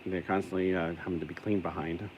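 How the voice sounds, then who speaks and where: A man with a low, deep voice rambles through a casual toy-collecting vlog, talking to the camera as he cleans a grimy figure. He is self-deprecating and keeps voicing disgust. A faint hum of room ambience sits behind him. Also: level tone, quick pace, muffled recording.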